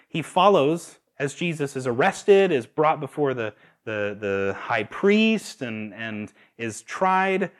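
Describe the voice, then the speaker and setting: A man preaching a sermon, asking his listeners rhetorical questions. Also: fairly high pitch. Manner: animated, asks the audience rhetorical questions.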